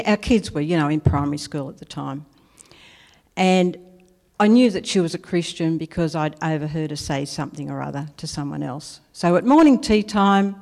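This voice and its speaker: A woman's voice: fairly low pitch, darkish tone. Chatty Australian woman preaching in a hall. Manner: chatty anecdotal storytelling, laughs at herself. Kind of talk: personal testimony sermon. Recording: long hall reverb.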